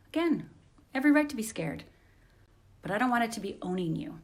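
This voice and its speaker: A woman's voice: on the low side, a little fast, fairly bright tone. A woman hosting a motivational live stream from home on her phone. She talks in an earnest, encouraging way and often repeats phrases.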